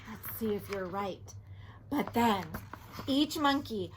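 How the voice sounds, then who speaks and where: Against a noisy background, a woman teacher with a medium-pitched voice reads a children's story slowly and expressively. She poses questions to the kids and occasionally slips into a whisper.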